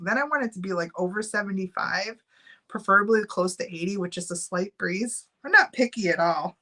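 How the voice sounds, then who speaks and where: A woman's voice: medium pitch, pushed and bright. A middle-aged woman chatting casually on a live stream, giggling often and reading out viewer names while she runs a giveaway.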